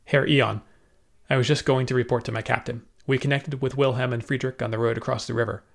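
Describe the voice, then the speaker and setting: A man's voice: medium pitch, flat delivery, fast, creaky. A man voicing a dutiful male soldier giving a formal report in an audiobook.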